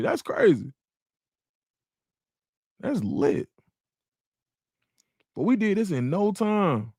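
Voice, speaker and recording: A young man, hosting a casual livestream and reading viewers' comments aloud in an animated way. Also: high-pitched, very slow, long pauses, breathy edge, no room sound, clean studio sound. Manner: animated, talks to the chat, reads comments aloud. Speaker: livestream host.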